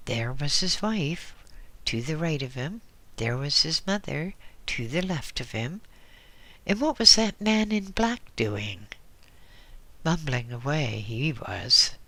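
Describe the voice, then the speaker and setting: A man reading an audiobook in a slow, measured way, dropping into soft whispers now and then. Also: medium pitch, dry recording. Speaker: audiobook reader. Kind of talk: scripted audiobook narration.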